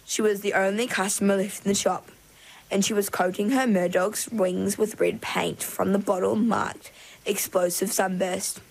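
A woman reads a storybook aloud in a middling voice. Her delivery is expressive and measured. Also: mid-range voice, vocal fry, slightly rough, low-quality recording. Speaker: narrator. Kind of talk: storybook narration.

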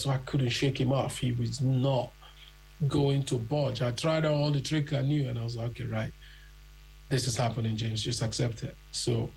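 A man's voice: medium pitch, gravelly, slight background noise, low-quality recording. A man from Nigeria telling his own story in an interview, acting out the voices of people he met. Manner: animated, acts out other people's voices.

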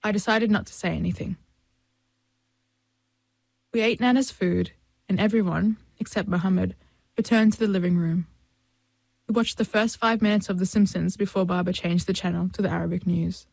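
Woman audiobook narrator with a gravelly edge, dry close sound, measured first-person telling. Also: mid-range voice, steady tone, darkish tone, no room sound. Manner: measured storytelling, voicing family and friends in dialogue.

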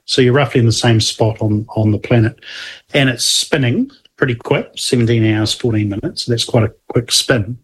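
A husky-voiced man co-hosts a casual science talk. He explains things at length, often restarting his sentences and adding little asides. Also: medium pitch, fairly bright tone. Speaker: podcast co-host explaining astronomy.

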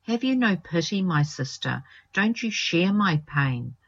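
The reader voicing a desperate, wounded young woman who pleads for help in a high, tearful voice, in a lo-fi recording. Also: very animated, a little slow, fairly bright tone, breathy edge, heavily acted. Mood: pleading.

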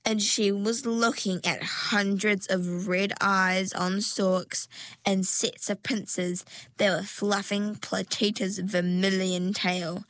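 Storybook reader: a woman, unhurried and measured, in a dry, close sound. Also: medium pitch, no room sound. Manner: calm, measured reading. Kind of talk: storybook narration.

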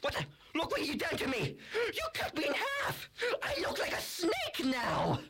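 A young storyteller voicing a toy dinosaur monster that has been cut in half, yelling indignant threats in a high voice. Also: sing-song, slow, a little hiss or hum, full character voice. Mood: outraged.

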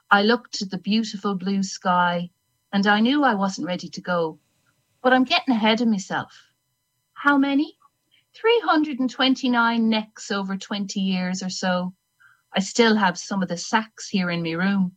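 A woman reading aloud in the first person as an older female public executioner, in a slow, measured telling with a hard edge. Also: medium pitch, natural voice, rough recording. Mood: grim. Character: older woman hangman, grim, unrepentant and secretive.

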